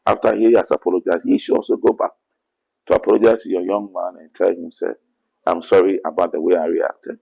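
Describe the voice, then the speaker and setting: A man's voice: deep voice, gravelly, a little mellow, breathy edge, lo-fi sound. A man with a Ghanaian accent, an apostle answering interview questions in an earnest preaching manner, often quoting scripture. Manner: earnest, quotes scripture, rising to emphatic bursts.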